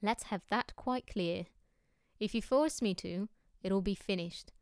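A woman voicing a brash, earthy, free-spirited man, talking loudly and emphatically in a storybook reading. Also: medium pitch, unhurried, clear, resonant tone, no echo, studio quality, lightly acted. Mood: insistent. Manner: loud, emphatic, forceful.

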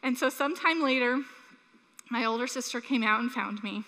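A woman preaching a sermon, telling a story from her own childhood with animated, earnest appeals to the congregation. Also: a little high, moderate pace. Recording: long hall reverb.

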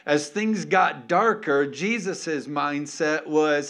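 A man preaching a sermon as a pastor, animated and playful, often calling out for an amen from the congregation. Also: on the high side, slow, hardly any pauses. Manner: animated, playful, calls for amens.

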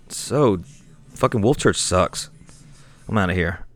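A man's voice: low-pitched, expressive, slow pace. A man hosting an improvised comedy rant, talking in an exasperated, profane and irritable way.

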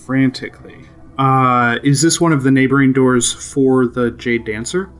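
A man running a tabletop game as game master, narrating in a relaxed, amused way with many fillers. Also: mid-range voice, normal speed.

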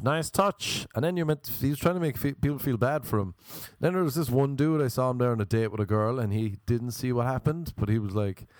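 A young adult man, telling a comic story in a casual, animated way, full of asides and impressions. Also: medium pitch, no room sound. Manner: animated, mimics people, rambling asides.

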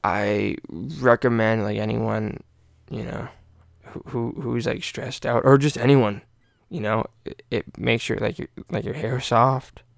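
Young guy podcast host, gravelly voice, rambly and sweary, dry close sound. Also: medium pitch, fairly even intonation, measured pace, no echo. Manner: rambling, profane, many fillers. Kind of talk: casual podcast chat.

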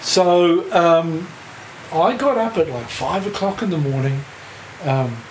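A man's voice: fairly high pitch, lively intonation, slow pace. An older man with a New Zealand accent, a music writer telling a rambling anecdote as a podcast guest, laughing through it and swearing freely. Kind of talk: casual anecdotal storytelling. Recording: echoey room with faint hiss.

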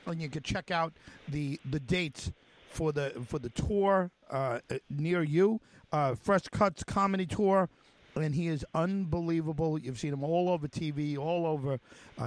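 Halting New York radio host man. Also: a little high, no echo. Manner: halting, many fillers and restarts. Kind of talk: casual radio interview.

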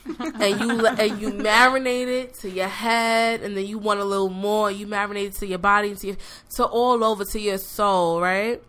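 A woman's voice: mid-range voice, fairly even intonation, normal speed, a bit bright. A woman podcast host in casual chat who slips into impassioned preaching aimed straight at the listeners. She comes back to the same direct address again and again, building her point with repetition.

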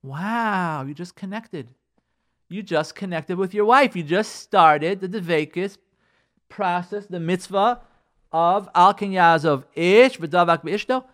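An earnest man, a rabbi, gives marriage advice in a radio talk. His voice sits a bit high, and he talks in a lively way, leaning on repeated phrases for emphasis. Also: a little slow.

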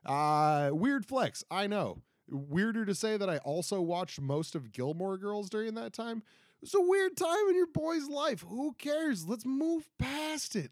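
Rambling young man, lively pitch. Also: a little slow, no room sound, studio quality. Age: 20s. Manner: rambling, self-deprecating, frequent restarts and "right?". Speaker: podcast host. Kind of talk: casual solo podcast rant. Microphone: close podcast mic.

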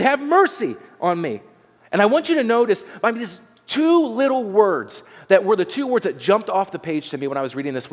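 Man preaching in a reverberant hall. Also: fairly high pitch. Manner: animated preaching, acts out voices of the crowd and the blind man. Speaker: pastor. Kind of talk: sermon.

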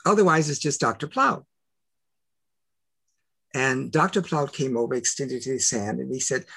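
An older man telling personal stories as an interview guest, emphatic and full of rhetorical questions, with a gravelly voice. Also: mid-range voice, sing-song, normal speed, fairly bright tone. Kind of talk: animated personal storytelling.

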